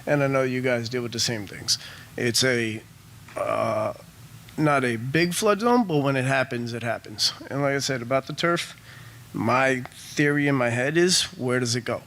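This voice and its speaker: A man's voice: medium pitch, moderate pace, fairly bright tone. A man giving a nervous, emotional public comment at a meeting, hesitant and full of ums.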